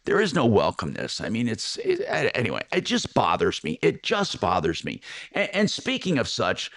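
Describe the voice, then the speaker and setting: A man's voice: fairly low pitch, huge pitch swings, moderate pace, fairly bright tone, no room sound, clean studio sound. An older man hosting a radio talk show, rambling through opinionated remarks with many restarts.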